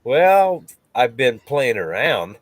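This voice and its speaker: A man chatting casually on a video call, halting and correcting himself as he talks. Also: medium pitch, very animated, no room sound. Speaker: guest. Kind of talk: casual chat.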